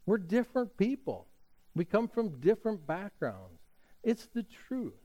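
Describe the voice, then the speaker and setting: Pastor preaching in a chatty, storytelling way. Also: male voice, sits high, big pitch swings, measured pace, a little mellow. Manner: conversational storytelling with frequent fillers and restarts. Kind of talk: sermon.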